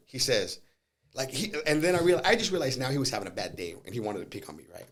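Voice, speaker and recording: A middle-aged man from Southern California, a podcast guest telling stories fast with plenty of swearing. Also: medium pitch, expressive, fairly bright tone. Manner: fast storyteller, swears freely, acts out quoted voices. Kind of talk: casual chat.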